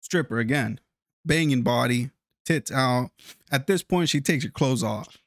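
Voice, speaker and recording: A man's voice: medium pitch, a little slow, no echo, clean studio sound. Rambling, profane man telling a story. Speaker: podcast host. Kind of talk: casual podcast chat.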